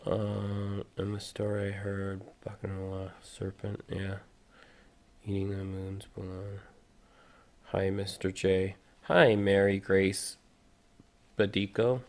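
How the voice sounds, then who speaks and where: A man's voice: low voice, monotone, takes it slowly. A man hosting a live reaction stream, chatting casually and reading viewer comments aloud.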